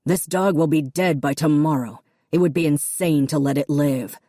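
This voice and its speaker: Woman reading a stern harsh father, curt snapping lines, low dark voice, dry audiobook sound. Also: moderate pace, no echo. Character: stern, harsh wealthy father, middle-aged man.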